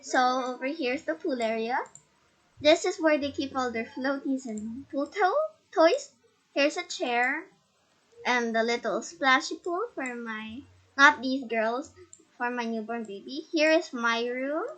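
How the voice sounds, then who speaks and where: A high-pitched woman gives a casual, unhurried tour through a game house. Her shy, nervous delivery is full of stutters and restarts. Her voice comes through a face mask and is picked up by a laptop mic. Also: a bit bright.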